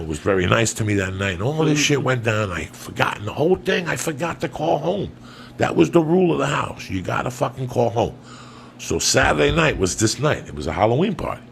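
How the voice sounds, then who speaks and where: A man hosting a podcast, telling a long personal story in casual, profanity-laced talk, swinging between loud bursts and hushed asides. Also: medium pitch, a little fast, creaky, a little hiss or hum. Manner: profane, animated storyteller who drops to hushed tones for quotes. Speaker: podcast host.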